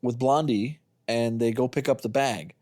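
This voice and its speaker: A man's voice: mid-range voice, normal speed, darkish tone, dry recording, studio quality. A man co-hosting a movie review podcast in casual chat, rambling as he retells scenes and swears freely. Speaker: podcast co-host.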